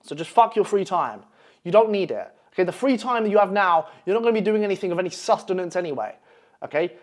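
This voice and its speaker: A man's voice: sits high, lively intonation, fast talker. A young man giving a blunt, profane motivational monologue as an online coach, tagging "okay?" onto his points. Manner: profane, brash, repeats "okay?".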